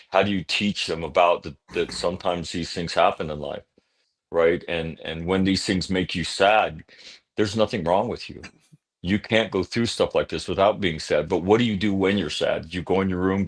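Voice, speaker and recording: A man, an author guest on a talk show, earnestly telling a personal story and often checking in with "right?". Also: deep voice. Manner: earnest, punctuates thoughts with "right?"; blunt at times.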